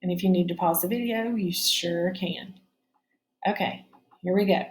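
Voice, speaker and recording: A woman's voice: on the low side, moderate pace. Patient woman teaching phonics at home. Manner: patient, checks in with students often. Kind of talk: recorded phonics lesson. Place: home kitchen.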